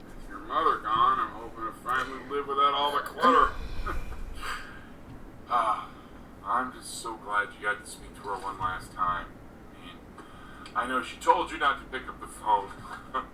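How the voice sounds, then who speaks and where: A man's voice: medium pitch, normal speed, long pauses, noisy background, lightly acted. An actor voicing a widowed father leaving wistful, rambling phone messages for his son. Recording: roomy, distant, with music behind.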